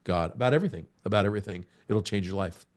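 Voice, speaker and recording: A middle-aged American man, appearing as a guest on a podcast, tells a story during a casual interview. He talks very fast, laughs often, and his pitch leaps much higher at the exciting parts.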